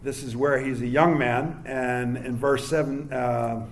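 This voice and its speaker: A man's voice: medium pitch, fairly even intonation, a little slow, slight background noise. A man from New York preaching a sermon to a congregation in a conversational way, with many fillers and asides. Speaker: pastor.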